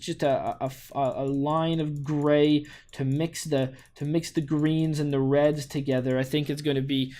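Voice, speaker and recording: A man hosting a gaming channel, giving a playful mock art tutorial with halting restarts and cheerful self-praise. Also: medium pitch, a little mellow. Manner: halting, many restarts, cheerfully praises his own work.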